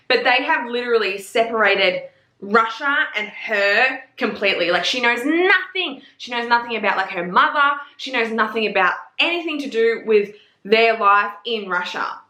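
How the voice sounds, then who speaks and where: A woman's voice: on the high side, normal speed, reverberant. A young Australian woman with an Australian accent, gushing and swearing in a casual book review vlog. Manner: gushing, profane, excitable.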